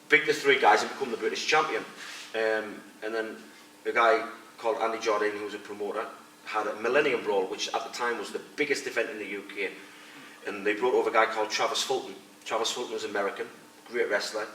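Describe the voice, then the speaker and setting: A middle-aged man being interviewed, bluntly telling fight stories and acting out what others said. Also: on the low side. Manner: blunt, animated anecdote-telling with quoted voices. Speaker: interviewee, retired fighter and coach. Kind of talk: casual storytelling interview. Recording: echoey room, distant mic, faint noise.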